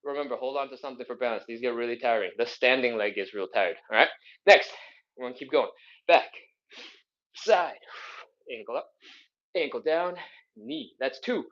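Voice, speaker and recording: A man's voice: mid-range voice, animated, normal speed, long pauses, dull audio. A man leading a live follow-along flexibility workout, counting reps with upbeat cues and joking asides, a little out of breath as he exercises. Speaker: flexibility instructor.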